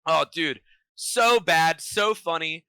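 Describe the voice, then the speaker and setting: Excitable, bright-voiced man telling stories. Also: a little high, takes it slowly, smooth, no room sound, low-quality recording. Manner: profane, excitable, slangy storyteller. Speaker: podcast guest, vocalist. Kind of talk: casual storytelling chat.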